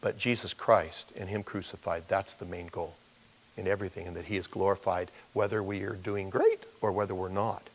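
A man's voice: sits low, normal speed. A middle-aged man preaching a sermon to his congregation, acting out the characters as he tells the story. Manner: animated, acts out the voices of the characters in the story. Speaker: pastor.

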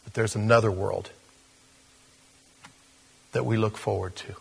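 A male pastor delivers a sermon with a slightly husky voice. He talks to the congregation casually and pokes fun at himself, shifting between quiet reflection and louder emphasis. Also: fairly low pitch, steady tone, measured pace. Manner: conversational, self-deprecating, addresses congregation as gang.

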